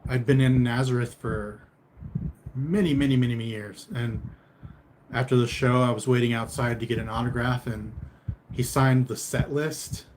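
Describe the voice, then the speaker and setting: A man's voice: mid-range voice, steady tone, moderate pace, a little mellow, slight background noise, rough recording. A man casually chatting with viewers on a livestream. He reads out their comments and answers them in a meandering, laid-back way with mild humor.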